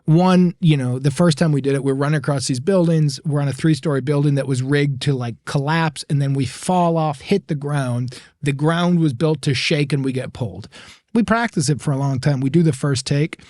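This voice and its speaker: A man's voice: a little high, moderate pace, no room sound. A man, a guest on a podcast, telling a story in a loose casual way, acting out the dialogue and laughing often. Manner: animated, acts out quoted dialogue, laughs often.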